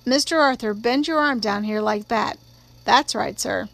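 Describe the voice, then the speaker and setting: Storybook young girl, polite and earnest, high gravelly tone; woman reader doing the voice. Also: unhurried. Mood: gentle. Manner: earnest, gently coaxing.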